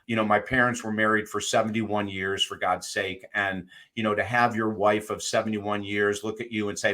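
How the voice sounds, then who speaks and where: A middle-aged man, a recovery coach, talking as a guest in an interview, animated and emphatic, laughing often as he tells stories. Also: on the low side, moderate pace. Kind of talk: conversational interview storytelling.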